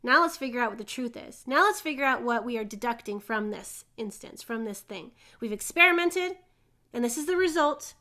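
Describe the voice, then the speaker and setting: A young woman giving a casual spiritual teaching talk, an animated storyteller who laughs often and acts out little voices. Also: on the high side, fairly quick. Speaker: host.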